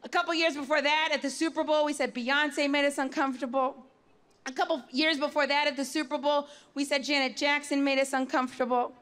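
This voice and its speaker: A woman's voice: high voice, steady tone, a little fast, fairly bright tone. A woman stand-up comedian with a sardonic, pointed delivery. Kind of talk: stand-up routine.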